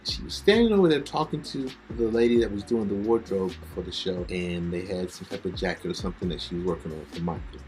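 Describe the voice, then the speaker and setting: A man's voice: sits low, fast, hardly any pauses, soft background music. A middle-aged man, a backup vocalist, telling stories casually and animatedly, acting out the people he quotes. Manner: animated, acts out quoted voices. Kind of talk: casual storytelling.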